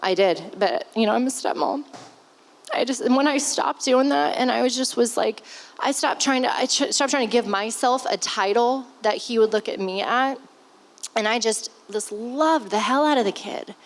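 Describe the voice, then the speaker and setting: On a family podcast, a woman in her thirties talks openly about being a stepmother, her fairly high voice moving at a normal pace over a low-quality recording. She's heartfelt and near tears, sighing now and then and letting the occasional swear word slip in this candid conversation.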